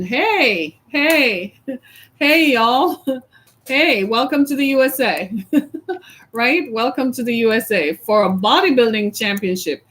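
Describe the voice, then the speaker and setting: A woman hosting a casual live chat, chatty and opinionated, laughing often and ending her sentences with "right?". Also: on the high side. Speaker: host.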